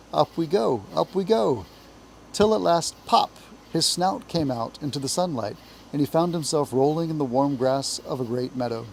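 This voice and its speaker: A man with an Appalachian accent reads a children's story aloud at an unhurried, expressive pace. His voice sits a little high for a man, with a faint hiss behind it. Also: creaky, rough recording. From Appalachia, US South. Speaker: reader, teacher. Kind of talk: reading a children's book aloud.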